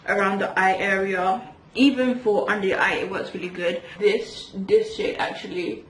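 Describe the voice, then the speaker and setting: A young woman chats through a makeup storytime, rambling and restarting her sentences as she goes. Her voice sits at a middle pitch and rings in an echoey room, with a faint hiss underneath. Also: fairly even intonation, moderate pace. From England. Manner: chatty, rambling, lots of fillers and restarts. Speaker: vlogger. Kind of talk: storytime chat while doing makeup.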